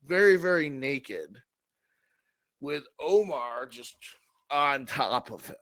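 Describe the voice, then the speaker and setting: A man's voice: on the high side, a bit bright, dry recording. A man co-hosting a comedy podcast, improvising a crude story with plenty of swearing. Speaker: co-host.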